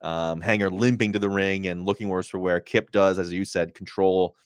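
A man with a fairly low voice talks through a wrestling show in casual chat. He often slips into the wrestlers' lines as he retells them. The sound is dry and close, with no room in it. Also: steady tone, normal speed, smooth, no echo. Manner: recounts promos, acting out wrestlers' lines. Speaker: wrestling podcast co-host.

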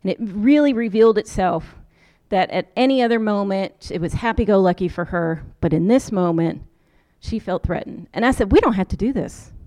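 American woman lecturer, easygoing storyteller, middle pitch, does little voices for the people she quotes. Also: moderate pace, hardly any pauses. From United States. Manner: conversational storyteller, quoting people in lively voices. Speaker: social work professor.

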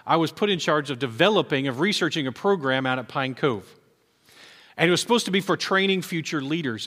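Animated preacher in a reverberant hall. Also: male voice, a little high. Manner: animated storytelling, acting out quotes. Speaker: pastor. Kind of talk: sermon.

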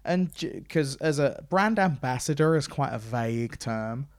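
A man telling convention stories in casual chat, acting out quoted lines in a higher voice. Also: lively intonation, a little slow, dry recording, clean studio sound. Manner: chatty storyteller, acts out quotes in a higher voice. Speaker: podcast host and stage host.

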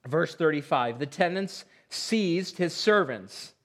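A man's voice: a little high, animated, slow, a bit bright. A man, a pastor, preaching a sermon, reading scripture aloud with rising emphasis and explaining it in plain talk.

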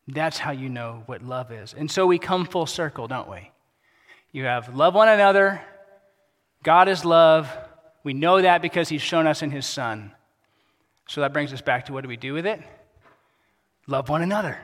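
Man preaching in a reverberant hall. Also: a little high. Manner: conversational, acts out quick voices, drops to soft quiet emphasis. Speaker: pastor. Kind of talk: sermon. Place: church sanctuary.

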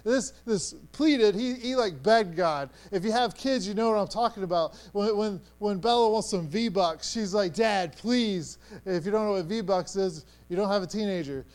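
A middle-aged man delivers a sermon in a high, smooth voice. He talks like he is chatting, stumbling over repeated words and restarting often. He drops to a near hush and then rises to loud emphasis. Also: normal speed, few pauses. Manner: conversational, stammering restarts, swings from hushed to loud. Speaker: pastor.

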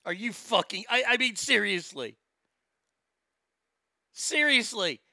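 A man's voice: high voice, expressive, takes it slowly, gravelly, pushed and bright, dry recording, clean studio sound. A man hosting a ranting commentary, sarcastic and incredulous, swearing freely. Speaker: commentary host.

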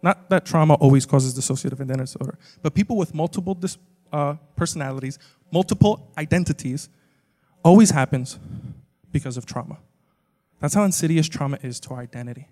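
A young male pastor with a fairly high voice preaches in a casual, chatty way, leaning on "like" constantly. He drops quiet, then surges loud for emphasis. His voice rings with the long reverb of a big church hall. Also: a little fast. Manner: casual and conversational, peppered with "like"; swings between quiet and loud emphatic bursts. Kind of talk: sermon. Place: live church auditorium with an audience.

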